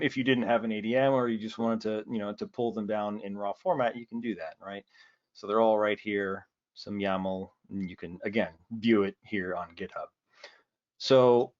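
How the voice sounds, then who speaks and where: Laid-back guy walking through a tech demo, jokey, keeps saying right, dull muffled call audio. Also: medium pitch. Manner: easygoing, joking, peppers speech with "right?". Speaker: presenter. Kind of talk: casual technical demo.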